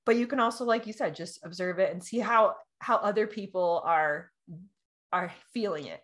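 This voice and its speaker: A woman co-hosting a casual astrology chat, bubbly and easily excited, often breaking into laughter and delighted exclamations. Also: medium pitch, moderate pace. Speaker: podcast co-host.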